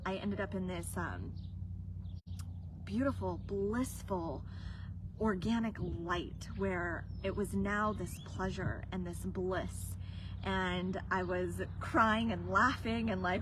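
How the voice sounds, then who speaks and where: A woman's voice: mid-range voice, slow, noisy background. A woman and business coach telling a personal story on a livestream, earnest and emotional, sometimes dropping to a whisper.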